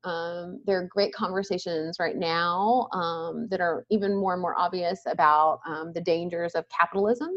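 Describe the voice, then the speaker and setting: A woman's voice: fairly low pitch, steady tone, normal speed, few pauses, muffled recording. A woman in her thirties talking as a guest in a casual conversation, thoughtful and often ending points with a questioning "right?".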